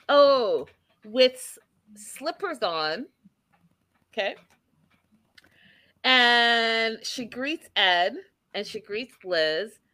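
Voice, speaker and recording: A woman with a higher-pitched voice hosts a casual chat, recapping a reality show with lots of energy. She tells it like an animated storyteller, acting out what people said and stressing the quotes. There's no room sound in the recording.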